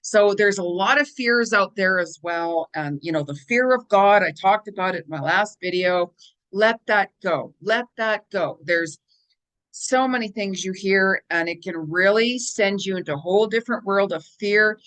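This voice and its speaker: A woman's voice: mid-range voice, moderate pace, fairly bright tone. A woman hosting a spiritual guidance channel, talking casually through a weekly forecast in a chatty, rambling way and repeating words for emphasis.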